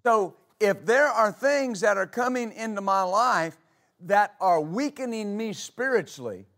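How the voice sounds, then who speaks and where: Male pastor, high voice, preaching a church sermon with rhetorical questions. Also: expressive, unhurried, a bit bright. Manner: preaching with rhetorical questions, reading scripture aloud.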